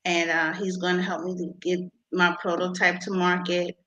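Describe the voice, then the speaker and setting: A woman being interviewed about her invention, talking with many pauses and restarts. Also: on the low side, completely flat delivery, sharp tone, a little hiss or hum, low-quality recording. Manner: halting, many ums and restarts. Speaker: inventor guest.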